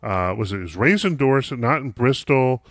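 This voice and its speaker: A man's voice: medium pitch, animated, normal speed, dry recording, clean studio sound. A man co-hosting a podcast in casual chat, playful and tossing in pirate growls. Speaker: podcast co-host.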